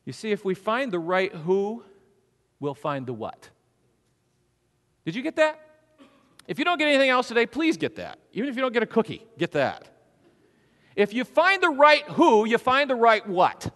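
Animated male pastor preaching in an echoey hall. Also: high voice, normal speed, pauses often. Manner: animated preaching with acted-out quotes and rhetorical questions. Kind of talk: sermon. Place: church sanctuary.

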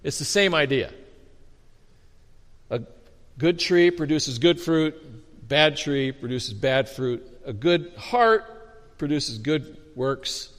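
A man preaching a sermon as a pastor, animated and storytelling with humor, often restarting his words. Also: a little high, slow pace, long pauses. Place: church sanctuary. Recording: long reverb of a hall.

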